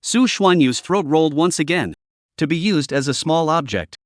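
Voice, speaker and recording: A man narrates a comic recap in a steady, even reading voice. His voice sits a little high for a man, recorded dry and close to the mic with no room sound. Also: normal speed, no room sound.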